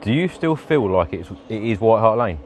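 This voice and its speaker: A man's voice: on the low side, expressive, moderate pace. A man hosting and interviewing, asking hesitant questions and giving short affirmations outdoors at a stadium. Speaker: podcast host, interviewer.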